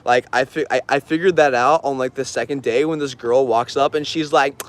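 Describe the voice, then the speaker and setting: A man's voice: medium pitch, steady tone, fairly quick. A man telling stories casually on a livestream, rambling with lots of fillers and frequent laughs. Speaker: artist streaming an auction.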